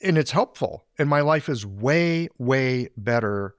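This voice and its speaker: A man hosting a podcast interview, speaking in a halting, reflective way. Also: mid-range voice, animated, no room sound, clean studio sound. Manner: halting, many fillers and restarts, reflective. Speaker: podcast host.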